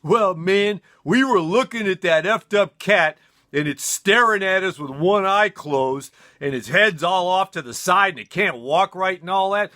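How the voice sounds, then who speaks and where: A dazed, stoned young college guy with a raised, bright, slow drawl, as a storyteller puts him on. Laid-back and unbothered, he stretches his words out lazily. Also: high-pitched, pitched above the performer's own voice.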